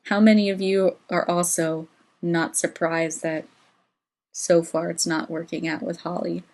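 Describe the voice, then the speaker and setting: A woman's voice: lowish voice, little pitch movement, measured pace, a little mellow. A woman book vlogger talking casually to her viewers in a chatty way, laughing easily.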